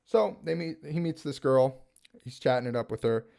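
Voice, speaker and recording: Male home vlogger, casual and animated, loose rambling delivery with lots of fillers, average pitch. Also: moderate pace, creaky. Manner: animated, rambling, filler-heavy with frequent "like" and "right?". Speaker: gaming video creator reviewing a TV series. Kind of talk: casual spoken recap and review.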